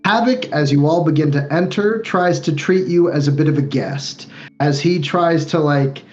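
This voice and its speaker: A man's voice: fairly high pitch, normal speed, a little mellow, dull audio. A man working as game master, narrating a tabletop game in a loose, descriptive way with lots of fillers.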